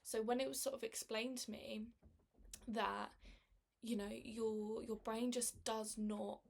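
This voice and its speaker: A young woman speaking candidly about her own experience, halting and emotional, with frequent restarts. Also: on the high side, level tone, gravelly. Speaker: person sharing her experience of living with MS. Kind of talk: candid personal testimony.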